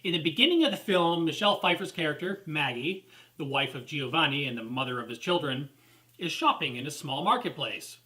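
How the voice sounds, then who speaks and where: Bright-voiced sarcastic male film reviewer. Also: on the high side, animated, brisk, low-quality recording. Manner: sarcastic, critical. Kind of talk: scripted movie review.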